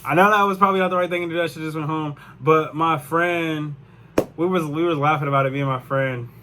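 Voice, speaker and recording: A man's voice: fairly high pitch, fairly even intonation, fast talker, pushed and bright, slight background noise. A young man telling a personal story in a casual, rambling way, full of swearing and "like". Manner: rambling, profane, lots of "like". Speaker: vlogger.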